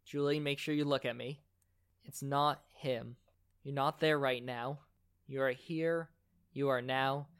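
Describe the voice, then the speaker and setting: A man voicing a caring adult man on a phone call, talking someone through a panic in a calm, firm, reassuring way. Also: a little high, normal speed, clear, resonant tone, no echo, clean studio sound, lightly acted. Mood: soothing.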